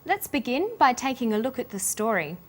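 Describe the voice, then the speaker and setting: A woman with an Australian accent hosting a scripted English pronunciation lesson, speaking slowly and articulating each word clearly. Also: fairly high pitch, big pitch swings. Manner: slow, deliberate, clearly articulated. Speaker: English teacher and host.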